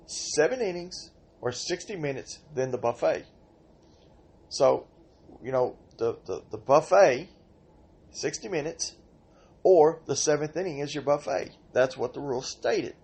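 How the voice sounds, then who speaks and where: A man's voice: fairly high pitch, animated, unhurried, pauses often, darkish tone. Exasperated older man ranting. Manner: exasperated storytelling, rhetorical outbursts. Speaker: podcast host and senior softball player. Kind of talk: casual podcast rant.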